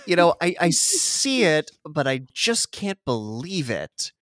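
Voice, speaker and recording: A man hosting a comedy podcast, recapping a film scene by scene with a lively, swooping delivery. He swears freely and jumps into quick impressions of the characters, and his voice sits a little high for a man. The sound is close and dry. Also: no room sound. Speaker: podcast host recapping a movie. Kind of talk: casual comedic chat.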